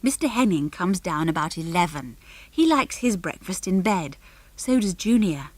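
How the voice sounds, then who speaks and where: A woman's voice: lowish voice, animated, normal speed, a little mellow, no room sound. A woman voicing a kindly, harried middle-aged farm wife who talks in a homely, fussing way, in a storybook reading.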